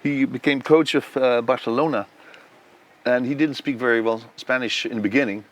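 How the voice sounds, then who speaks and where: A man's voice: medium pitch, moderate pace. A middle-aged man with a Dutch accent, a composer being interviewed, telling stories with energy and singing melodies aloud. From Netherlands. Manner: animated storyteller who sings melodies aloud.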